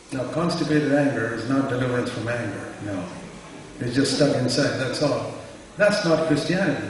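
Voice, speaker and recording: An older man preaching a sermon, telling stories with homely examples and rising to loud emphasis on key lines. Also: medium pitch, slight background noise. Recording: echoey hall, voice from far off.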